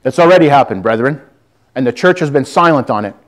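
A man's voice: medium pitch, expressive, fast talker. A man preaching defiantly to a congregation, calling listeners brother and sister. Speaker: lay preacher. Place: church hall with audience.

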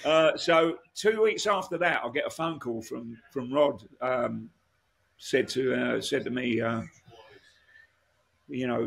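A man in his sixties tells long, winding stories as an interview guest, circling back with restarts and asides. His voice is gravelly and husky, with a bright, forceful edge. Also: medium pitch, slow pace. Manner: rambling, many restarts and asides. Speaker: guest musician. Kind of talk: casual storytelling interview.

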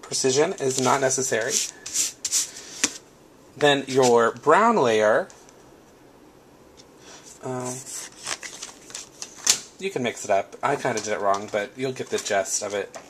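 A man's voice: mid-range voice, slow, long pauses, noisy background. A man hosting a casual craft tutorial, explaining step by step while recovering from a cold. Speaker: craft video host.

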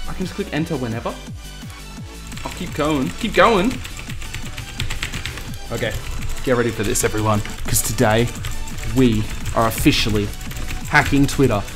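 A man giving casual, jokey let's-play commentary, swearing freely and reading lines aloud in mock-dramatic bursts while typing on a loud mechanical keyboard. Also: medium pitch, moderate pace, long pauses, music in the background. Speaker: gaming YouTuber. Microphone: desk mic beside a loud mechanical keyboard.

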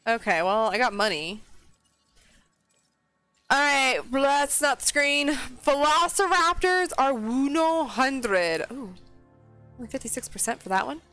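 A woman streamer giving casual commentary on her game, talking to herself and often breaking into excited squeals and exclamations. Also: sits high, slow, long pauses, no room sound, faint music behind.

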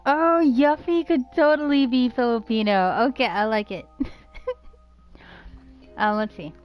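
A woman's voice: fairly high pitch, unhurried, dull audio. A woman giving casual, giggly commentary while playing a game, talking to herself. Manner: giggly, chatty, talks to herself. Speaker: game streamer. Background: game music.

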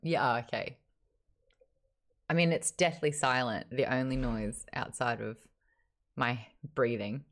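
A woman's voice: very deep voice, unhurried, pauses often. A woman hosting a casual book club livestream from home, chatting playfully and cooing at her sleepy dog. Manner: playful, laughing, baby-talk to her dog.

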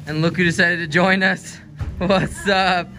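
A man's voice: sits high, flat delivery, measured pace. A man vlogging casually, upbeat and laughing often. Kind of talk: casual vlog narration. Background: loud background music.

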